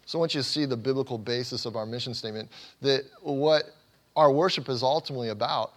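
A man's voice: medium pitch, quick pace. A man preaching a sermon as a pastor, earnest and emphatic, building points through repeated phrases and frequent small restarts.

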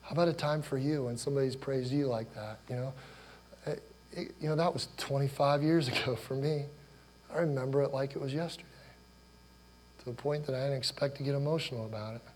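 A man's voice: medium pitch, fairly even intonation, a little fast, darkish tone, slight background noise. Man preaching a conversational sermon. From Ohio, USA. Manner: conversational, personal storytelling, asks the congregation questions. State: choked up with emotion. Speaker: pastor.

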